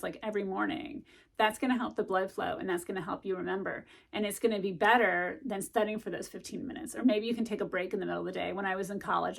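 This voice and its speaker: A middle-aged woman with a creaky, mid-range voice vlogs casually to camera. She rambles through study tips, filling her speech with lots of ums and likes.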